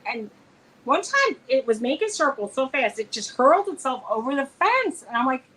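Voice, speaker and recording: This woman's voice sits high with big pitch swings, a fairly bright tone, and a breathy edge, at normal speed, though the audio is poor. As a co-host in a casual conversation among friends, she spins rambling stories riddled with restarts.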